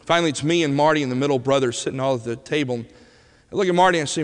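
A man preaching a sermon as an animated storyteller who swings from loud bursts to hushed moments, in a church sanctuary. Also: medium pitch, rapid-fire, in a large hall.

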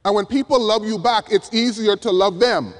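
A male preacher delivering an emphatic sermon from the pulpit, swinging from loud appeals down to hushed words. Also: high voice, normal speed. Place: church pulpit. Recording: long reverb of a large hall.

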